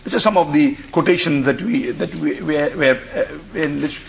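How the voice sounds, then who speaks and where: A man from Africa speaking as a guest on a call-in discussion show, pausing and restarting his phrases as he talks. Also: a little high, vocal fry, a little hiss or hum. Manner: halting, repeats and restarts phrases. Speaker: panel guest.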